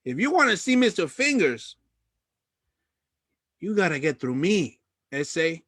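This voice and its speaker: High shouty thug, super loud, dry close mic. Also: male voice, big pitch swings, a little slow, dry recording, full character voice. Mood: threatening. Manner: shrill, shouty, calls everyone mate. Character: rowdy male street thug guarding a stairway. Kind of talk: improvised comedy role-play.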